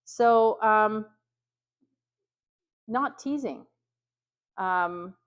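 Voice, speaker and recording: A woman's voice: mid-range voice, drawn-out words, clean tone. Chatty woman giving a training talk. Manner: conversational, many ums, acts out example phrases brightly. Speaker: youth worker trainer.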